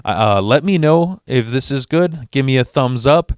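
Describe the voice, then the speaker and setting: A man's voice: medium pitch, lively intonation, normal speed, clear, resonant tone, dry recording, studio quality. Rambling, stammering man telling a story. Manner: rambling, stammering restarts, heavy swearing. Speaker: vlogger telling a personal story. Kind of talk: casual storytelling.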